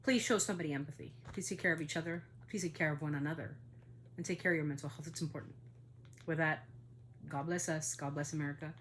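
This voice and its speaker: A woman's voice: low-pitched, fairly even intonation, fast, fairly bright tone, a little hiss or hum. A woman hosting a family podcast in a casual monologue, heated and indignant, swearing as she talks about being upset. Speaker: podcast host.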